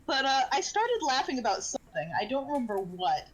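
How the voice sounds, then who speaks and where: A woman's voice: high voice, sing-song, brisk, poor audio. A woman playing in an online tabletop game, chatting casually and giggling through her stories. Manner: giggly, tells stories through fits of laughter. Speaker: player.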